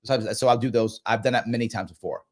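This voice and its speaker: A man's voice: mid-range voice, quick pace. A man hosting a live reaction show, talking emphatically and acting out people in quotes as he comments. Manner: animated, acts out voices in quotes; emphatic and repetitive. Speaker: host reacting to a clip.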